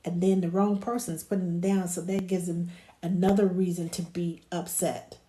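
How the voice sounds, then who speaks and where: A woman talking casually as a childcare provider, giving advice on soothing babies and dropping to a hushed, soothing voice when she quotes herself talking to them. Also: fairly low pitch, little pitch movement, moderate pace. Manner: drops to a hushed soothing voice for baby talk. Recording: echoey room.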